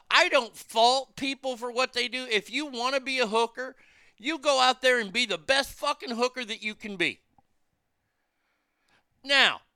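A man's voice: very high-pitched, sharp tone, clear, resonant tone, dry recording, studio quality. A man hosting a podcast, delivering a blunt, profane, exasperated opinion rant. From United States.

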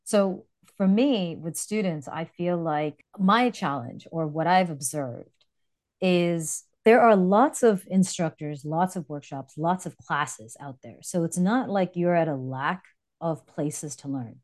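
A woman co-hosting a casual podcast as a dance instructor, chatty and quick to laugh. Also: on the low side, darkish tone.

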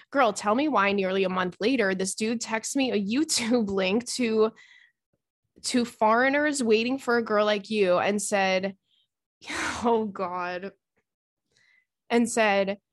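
A young adult woman hosting a podcast, reading listener emails aloud in an animated, chatty way. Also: mid-range voice, no echo, studio quality. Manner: animated, chatty, with laughs and gasps. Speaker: podcast host.

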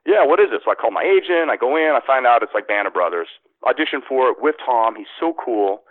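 A man's voice: medium pitch, animated, quick pace, no echo. Man in his thirties, sports radio host, rambling anecdote style, thin phone-line sound, dry. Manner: rambling, lots of restarts and "like". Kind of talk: casual storytelling interview.

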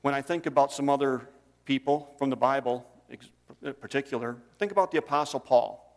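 A man's voice: mid-range voice, brisk, long reverb tail. A man preaching a sermon, telling stories in a conversational way. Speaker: pastor.

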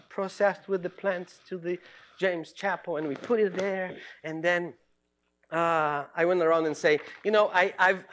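A middle-aged theology professor with a high-pitched voice gives a reflective lecture woven with personal stories. He's earnest but halting, restarting his sentences often.

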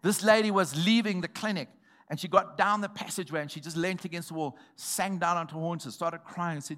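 A man preaching a sermon, telling a testimony in a storytelling way that builds to shouted exhortation. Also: high-pitched, fairly quick.

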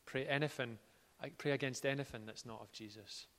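A man preaching a sermon in an earnest way, moving from quiet words to loud ones. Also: medium pitch, brisk. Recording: reverberant hall.

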